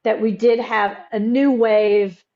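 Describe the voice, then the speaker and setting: A woman with a Southern US accent, co-hosting a podcast over a video call in a casual, animated way. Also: a little high, takes it slowly, highs cut off. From Nashville, US South. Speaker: podcast co-host. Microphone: remote video call.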